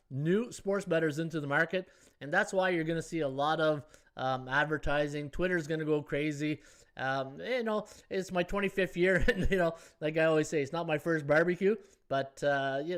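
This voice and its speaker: Middle-aged male host, casual and chatty, slightly high-pitched, quick to laugh. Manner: rambling, chatty, laughs easily, reads out viewer comments. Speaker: sports betting podcast host. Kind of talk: casual live-stream chat.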